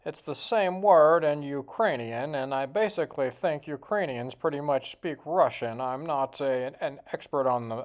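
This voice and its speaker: A man hosting a casual vlog, joking in a folksy way as he sounds out foreign words. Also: mid-range voice. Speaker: video host.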